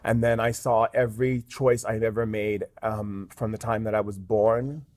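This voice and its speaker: A man's voice: fairly low pitch, level tone, moderate pace, a little mellow. A man, a guest shaman in an interview, telling a story earnestly with many fillers. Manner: earnest, with frequent "um" and "like".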